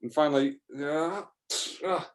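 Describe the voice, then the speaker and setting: A man telling an improvised first-person adventure story in a rambling, excitable way, full of fillers and restarts. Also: a little high, measured pace.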